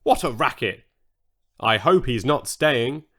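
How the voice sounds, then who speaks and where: A man's voice: medium pitch, expressive, slow, sharp tone, exaggerated voice. A man voicing a grumpy old male triceratops who grumbles and bellows. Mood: grumbling.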